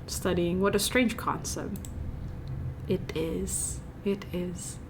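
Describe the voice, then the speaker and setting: A woman's voice: fairly low pitch, steady tone, slow, vocal fry, background noise. Playful streamer woman. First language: Indonesian. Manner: playful, giggly, reads chat aloud and answers it. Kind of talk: casual live-stream chat with viewers.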